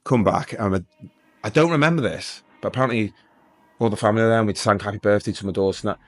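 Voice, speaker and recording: A man's voice: fairly low pitch, quick pace. A middle-aged man, a police sergeant telling his story in a casual interview, acting out the dialogue. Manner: lively anecdotal, acts out dialogue.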